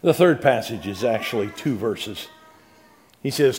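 A male pastor preaching in a conversational way, repeating words and swinging between soft, quiet passages and louder, emphatic ones. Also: medium pitch, expressive, a little slow. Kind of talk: sermon.

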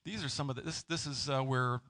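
A man preaching a sermon as a pastor, halting and searching for words with many fillers and restarts. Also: mid-range voice, steady tone, gravelly, a bit bright. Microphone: presenting with slides.

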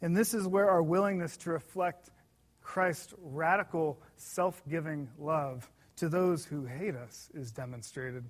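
A man with a notably high voice delivers an earnest sermon. He speaks emphatically, slowing right down to lean on the words that matter most. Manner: earnest and emphatic, slows down to stress key words. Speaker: preacher.

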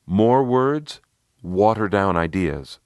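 A man voicing a brisk, no-nonsense woman who talks in short, clipped phrases. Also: lowish voice, animated, dry recording, studio quality. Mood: matter-of-fact. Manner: terse, clipped.

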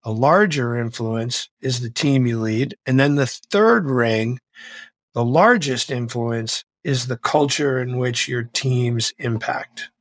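Middle-aged man, gravelly, motivational, animated storytelling, dry close sound. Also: mid-range voice, takes it slowly, dry recording. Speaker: guest, author and former Navy SEAL. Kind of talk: podcast interview storytelling.

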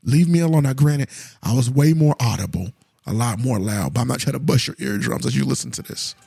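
A man's voice: medium pitch, brisk, gravelly, a little mellow, husky, no room sound. A man hosting a podcast, earnestly telling a personal story in a casual, conversational way and speaking straight to his listeners. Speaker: podcast host.

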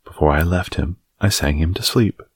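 A man's voice: sits low, moderate pace, husky, no echo. A man voicing a blunt, curious little girl in a storybook reading. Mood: matter-of-fact.

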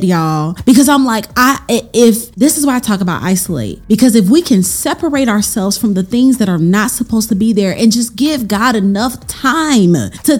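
A woman's voice: mid-range voice, darkish tone. A young woman hosting a faith-based girl talk monologue to camera, emphatic and preachy, calling her listeners y'all. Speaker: host.

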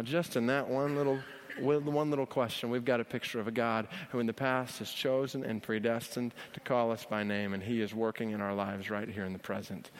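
Energetic preacher in a reverberant hall. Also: male voice, a little high. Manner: energetic, emphatic, repeats key phrases. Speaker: pastor. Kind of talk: sermon teaching on Bible study.

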